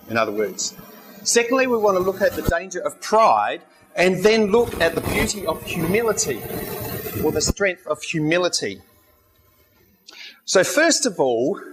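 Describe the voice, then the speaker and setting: Male pastor, high voice, chatty sermon with funny asides. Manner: conversational storytelling with asides and humor.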